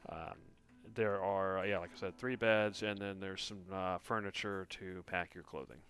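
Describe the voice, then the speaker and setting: A man's voice: low voice, steady tone, normal speed, a bit bright, faint music behind. A man acting as game master, describing the scene in a rambling, hesitant way with many fillers and restarts.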